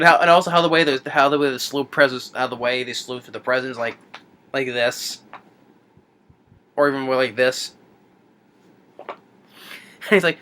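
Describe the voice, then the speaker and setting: A man's voice: fairly even intonation, fairly quick, long pauses, sharp tone. A man recapping a favorite comedy film in a casual, rambling way, with many restarts and fillers and acted-out movie lines. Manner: acts out movie lines in a higher voice. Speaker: film reviewer.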